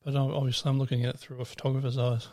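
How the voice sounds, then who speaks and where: A man's voice: mid-range voice, level tone, very fast, darkish tone, no echo. A man who works as a photographer, joining a casual chat with easygoing, brief remarks. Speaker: co-host, photographer.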